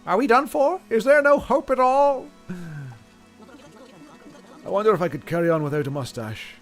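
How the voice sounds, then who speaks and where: A man puts on an anxious young son, voiced high and strained. He sounds earnest and worried over a quiet bed of game music. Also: lively intonation, normal speed.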